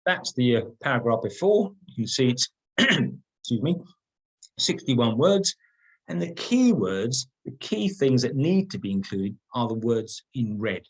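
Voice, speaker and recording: A man's voice: mid-range voice, slightly rough, rough recording. A middle-aged man leading an online training workshop, talking conversationally, repeating words and stressing key points. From England.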